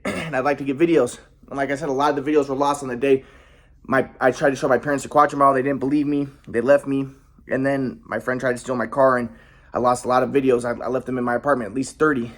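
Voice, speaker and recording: A man in a casual monologue, rambling and boastful, often restarting his sentences and clearing his throat. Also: mid-range voice. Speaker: vlogger.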